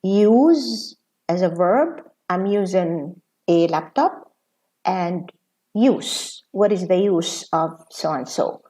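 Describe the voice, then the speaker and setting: A woman professor of English teaching a pronunciation lesson, talking slowly and deliberately with frequent fillers. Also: fairly low pitch, warm tone.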